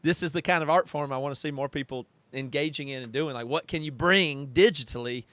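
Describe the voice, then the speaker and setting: A man's voice: a little high, brisk, fairly bright tone, slight background noise. A man co-hosting a casual livestream chat, earnest and rambling, often restarting his sentences. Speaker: co-host and recording engineer.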